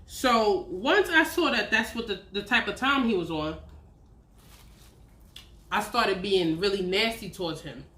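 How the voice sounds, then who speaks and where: A woman's voice: medium pitch, lively intonation, a little slow, long pauses, fairly bright tone. A woman, telling a candid, profane personal story on her vlog. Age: 30s. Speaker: vlogger. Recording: roomy echo.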